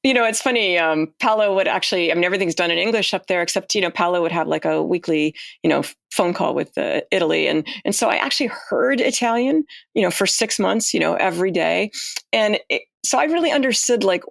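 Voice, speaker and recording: A woman guest in casual conversation, telling stories in a chatty, animated way with frequent restarts. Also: fairly low pitch, quick pace, creaky, dry recording. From United States. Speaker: astronaut guest.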